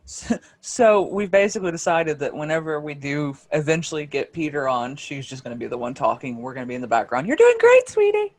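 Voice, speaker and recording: A woman with a Southern American accent co-hosting a podcast, joking and teasing her co-hosts. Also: low voice. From Southern United States. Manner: bubbly, teasing with quick laughs. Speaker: podcast co-host. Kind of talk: casual chat.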